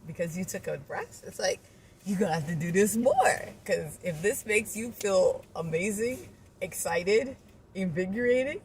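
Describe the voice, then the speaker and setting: A woman's voice: mid-range voice, animated, measured pace. A woman birth coach giving an encouraging, playful motivational talk and acting out little inner voices. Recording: distant mic with loud road noise.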